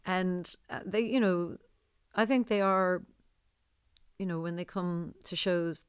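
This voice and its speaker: A woman with a deep voice, a singer talking in an interview in a rambling, digressive way. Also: slow, smooth, no echo, clean studio sound. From Ireland. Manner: rambling, digressive, laughs often. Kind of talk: conversational interview.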